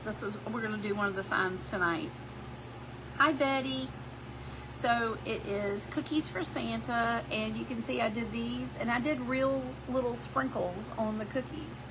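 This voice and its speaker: A woman's voice: a little high, measured pace. A middle-aged woman, chatting casually with her live-stream viewers as she shows her crafts. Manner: chatty, talks to viewers as y'all. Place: home craft workshop. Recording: clear background hum.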